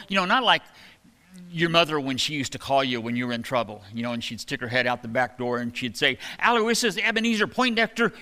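A man preaching a sermon in a relaxed, conversational way, with plenty of fillers. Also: medium pitch. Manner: conversational, folksy, many fillers. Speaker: pastor. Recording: long hall reverb.

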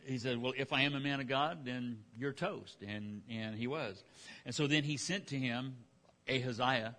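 A man's voice: medium pitch, pushed and bright, in a large hall. A man preaching a conversational sermon in a folksy way, acting out the characters' lines. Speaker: pastor.

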